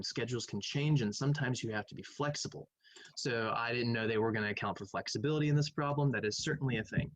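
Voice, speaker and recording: A man's voice: mid-range voice, fast, a bit bright, dry recording, low-quality recording. Casual male math teacher thinking aloud. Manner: casual, thinking aloud, hums between questions. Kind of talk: recorded classroom lecture, reviewing quiz answers.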